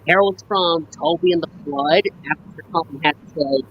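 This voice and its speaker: A woman chatting casually on a live stream, slowly listing book scenes and quoting lines. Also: low-pitched, dull audio, a little hiss or hum. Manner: slow, halting, lists scenes and quotes lines. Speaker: fan sharing a book collection.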